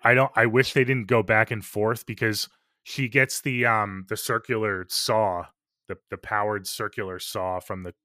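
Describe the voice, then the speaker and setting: A man's voice: on the low side, fairly even intonation, normal speed, pushed and bright, no echo, studio quality. A man co-hosting a podcast, chatting casually and enthusiastically about a film, swearing freely and using many fillers. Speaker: podcast co-host. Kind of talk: casual film review chat.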